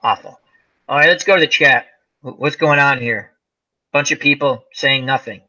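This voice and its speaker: Man, host, casual chat, bright forceful voice, rambling, dull lo-fi audio. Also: medium pitch, moderate pace. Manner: rambling storyteller, many fillers.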